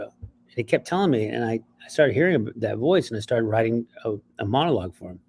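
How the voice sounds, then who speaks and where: A male writer and actor telling stories in an interview, animated and acting out bits along the way. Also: medium pitch, a little fast, slightly rough. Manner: animated, acts out voices, frequent restarts. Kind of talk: interview storytelling.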